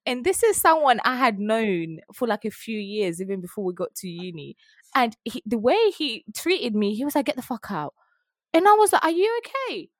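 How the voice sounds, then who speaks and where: A young woman, telling a story in a frank, animated way while chatting as a podcast co-host. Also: fairly high pitch, moderate pace, dry recording, clean studio sound. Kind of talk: casual chat.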